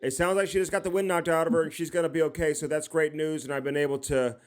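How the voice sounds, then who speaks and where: A man's voice: fairly high pitch, steady tone, fast talker, clear, resonant tone. A man co-hosting a podcast from his home studio, rambling in a joking, mock-serious way. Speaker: podcast co-host. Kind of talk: casual podcast chat.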